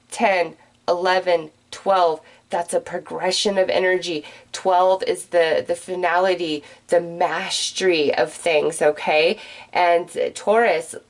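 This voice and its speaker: A woman giving a general tarot reading straight to her viewers, excitable and gushing, talking in quick bursts. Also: on the low side, poor audio. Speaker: tarot reader.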